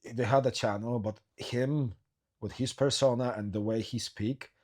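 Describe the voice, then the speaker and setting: A man's voice: medium pitch, steady tone, a little slow, darkish tone. A man hosting a podcast, chatting casually and chiming in with short quips and questions. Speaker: podcast host. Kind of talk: casual chat.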